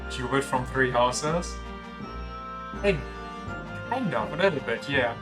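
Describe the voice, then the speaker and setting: A man's voice: medium pitch, animated, slow pace, long pauses, music in the background. A man streaming a video game, making casual joking asides between reading dialogue. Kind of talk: casual gameplay commentary.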